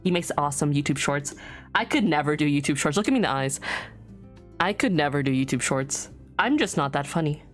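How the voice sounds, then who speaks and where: A woman's voice: low voice, animated, fairly quick, faint music behind. A young adult woman livestreaming as a VTuber, chatting casually with her viewers, rambling and thinking aloud and laughing often. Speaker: VTuber streamer.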